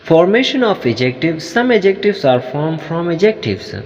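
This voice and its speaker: A man teaching a grammar lesson as an English teacher, talking in a halting way with many fillers and restarts. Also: fairly high pitch, big pitch swings, long reverb tail, highs cut off, slight background noise.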